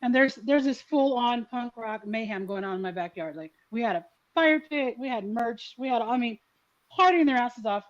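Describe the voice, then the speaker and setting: A middle-aged woman hosting a podcast who tells stories in a lively way and swears freely. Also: fairly high pitch, moderate pace, dull audio. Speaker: podcast host. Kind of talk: casual chat.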